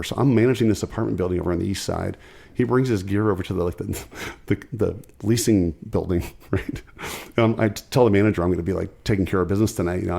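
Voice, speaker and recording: A man's voice: low-pitched, gravelly, husky. A man and musician, a podcast guest telling stories in a casual chat, acting out the people he quotes. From Ohio, USA. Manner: animated storyteller, quick and chatty, acts out quotes.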